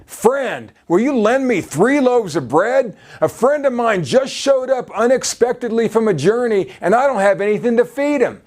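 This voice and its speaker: A man's voice: very high voice, lively intonation, moderate pace, hardly any pauses, darkish tone, pitched above the performer's own voice. A man doing a pleading midnight visitor.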